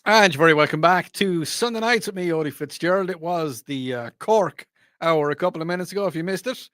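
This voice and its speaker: A man's voice: on the high side, fairly quick, fairly bright tone, no echo, clean studio sound. A man with an Irish accent hosting a radio talk show, chatting casually, reading out listener texts and correcting himself with a laugh. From Ireland.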